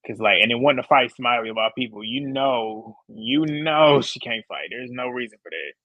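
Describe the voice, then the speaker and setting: A man's voice: medium pitch, moderate pace, dry recording, muffled recording. A man hosting a casual live reality show recap, blunt and laughing often. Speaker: host.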